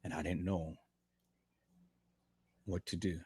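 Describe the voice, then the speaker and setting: Man, husky voice, in pain, fervent repetitive testimony, dry close mic. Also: low voice, level tone, slow pace, darkish tone, dry recording. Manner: fervent, repetitive, calls viewers "peoples". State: in pain, lying in bed. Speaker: livestream host. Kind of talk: preachy testimony to viewers.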